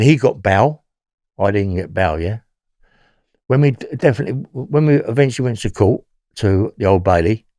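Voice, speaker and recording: London guy rambling thru his story, lowish voice, keeps saying yeah?, dry sound. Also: darkish tone, dry recording. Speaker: interview guest. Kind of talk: casual storytelling interview.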